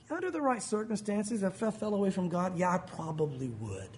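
A man's voice: high voice, sing-song, a little fast. A man, a pastor, preaching a conversational sermon and acting out the voices he quotes.

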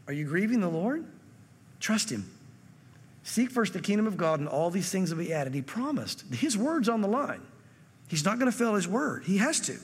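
A man's voice: sits high, sing-song, fairly quick, husky, long reverb tail. A man preaching a sermon as pastor, reading scripture and acting out quotes in a conversational way.

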